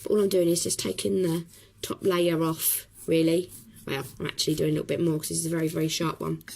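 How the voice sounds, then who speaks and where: A woman with a hoarse, croaky voice from a cough, explaining a craft project step by step in a chatty way with many pauses. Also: deep voice, flat delivery, a little mellow, a little hiss or hum, poor audio. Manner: chatty, talks while working, many ums. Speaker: craft tutorial host. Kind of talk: casual craft tutorial.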